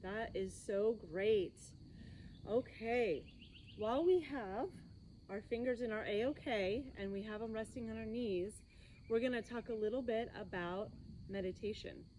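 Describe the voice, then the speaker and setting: A cheerful woman leads a children's yoga class, coaxing the kids along with sing-song, encouraging instructions. Her voice sits a little high yet sounds soft and mellow. Faint background noise runs under the recording. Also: unhurried.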